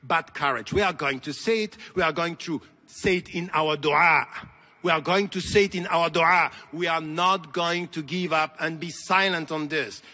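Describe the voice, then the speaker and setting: A man's voice: on the high side, moderate pace, sharp tone, long reverb tail, soft background music. A man giving an impassioned convention speech, with emphatic, repetitive rhetoric. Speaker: convention keynote speaker. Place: large convention hall.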